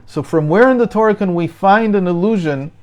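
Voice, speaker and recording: A middle-aged man teaching a daily Torah study lesson, thoughtful and hesitant, with many fillers and slow readings of sources. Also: sits high.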